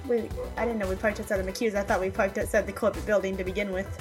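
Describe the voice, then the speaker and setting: A woman playing a tabletop role-playing game, talking casually with an animated, sometimes swearing manner. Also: mid-range voice, rapid-fire, over music. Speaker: player.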